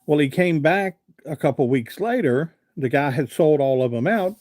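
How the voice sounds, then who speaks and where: A man's voice: fairly high pitch, expressive, normal speed, a little mellow, dry recording, studio quality. Rambling man telling folksy stories. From Virginia, USA. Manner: rambling, folksy storyteller who reads out and answers viewer comments. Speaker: live-stream host. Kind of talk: casual live-stream chat and storytelling.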